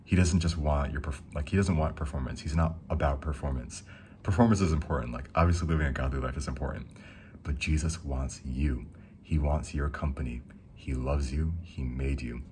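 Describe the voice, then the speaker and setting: A young man giving a casual, rambling devotional talk, reading verses slowly and enthusing between them. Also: a bass voice, a little mellow, slight background noise. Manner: reads scripture slowly. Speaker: Christian speaker.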